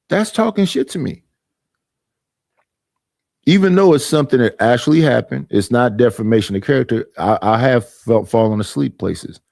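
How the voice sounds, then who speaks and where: A man's voice: medium pitch, animated, normal speed, creaky, darkish tone, no echo, clean studio sound. Aggrieved middle-aged man ranting on stream. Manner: aggrieved, repetitive, mimics others in quoted voices. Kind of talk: casual livestream rant.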